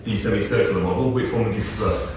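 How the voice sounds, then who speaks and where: A man's voice: on the low side, fast talker. A man in the audience putting hesitant questions to the chair. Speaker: audience member asking a question. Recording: echoey hall from far off, noisy.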